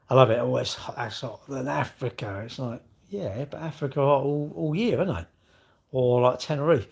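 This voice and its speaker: A man's voice: medium pitch, creaky. A man chatting casually on a live stream, rambling from thought to thought and greeting viewers mid-sentence.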